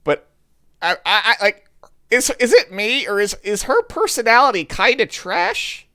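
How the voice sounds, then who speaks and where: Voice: mid-range voice, big pitch swings, a little slow, bright, forceful tone. A live streamer reacting to a dating game with rambling, profane, stammering asides.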